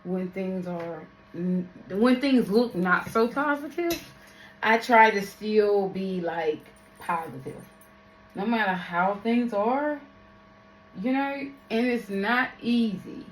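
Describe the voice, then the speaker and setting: A woman's voice: medium pitch, animated, takes it slowly, echoey room, a little hiss or hum. A young woman from Louisiana, chatting casually to her viewers in a slangy, laughing vlog. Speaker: makeup artist vlogger.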